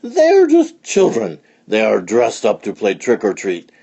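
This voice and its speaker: A man's voice: fairly low pitch, wildly swooping pitch, unhurried, gravelly, mellow, breathy edge, exaggerated voice. A man voicing a bossy, know-it-all male bear in a storybook read-along, explaining things firmly. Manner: firm, explaining, patient but blustery. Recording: dull lo-fi recording.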